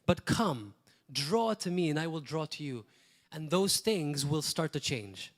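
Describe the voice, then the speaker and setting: A man preaches a sermon. His voice sits a little high for a man, and he speaks in a plain, conversational way. He repeats key phrases and breaks off for short asides. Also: lively intonation, a little slow. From Malta. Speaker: pastor.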